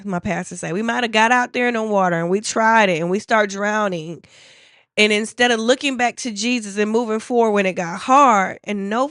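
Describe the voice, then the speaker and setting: A woman's voice: medium pitch, dry recording, clean studio sound. Earnest midlife woman sharing her testimony. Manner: earnest and emotional, with halting restarts. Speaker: podcast host. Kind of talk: personal testimony.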